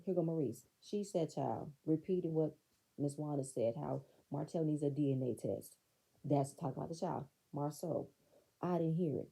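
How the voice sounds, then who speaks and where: A woman recaps a reality show, blunt and sassy, talking back at the screen. Her voice sits low and very dark, with a gravelly, husky edge. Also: moderate pace, low-quality recording. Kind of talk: casual show recap commentary.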